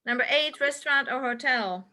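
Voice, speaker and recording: Woman, English teacher, patient, repeats answers, slightly high voice. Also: moderate pace, bright, forceful tone, slight background noise. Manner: patient, checks answers one by one and repeats them. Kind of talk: classroom instruction.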